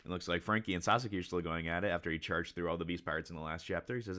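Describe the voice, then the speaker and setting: A man hosting a casual reaction to a comic chapter, rambling excitedly with many fillers and reading lines aloud. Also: low-pitched, racing. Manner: reads character lines aloud with mild voice shifts. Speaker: channel host.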